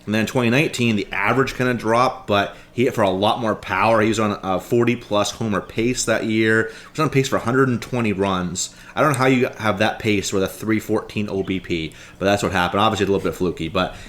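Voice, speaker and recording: Lower-voiced male guest rattling off stats. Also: fairly even intonation, a little fast, few pauses, fairly bright tone. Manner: rattles off stats, many "like" and "you know" fillers. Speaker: guest analyst. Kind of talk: casual sports chat.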